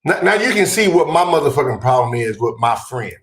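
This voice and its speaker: Animated man in an echoey room. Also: medium pitch, a little fast. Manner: animated, profane, rising to shouts. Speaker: podcast host. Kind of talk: heated casual conversation.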